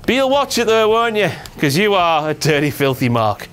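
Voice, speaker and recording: A man's voice: high voice, big pitch swings, moderate pace, a bit bright, clean tone. A man who hosts a comedic wrestling review, ranting with heavy swearing and sarcasm.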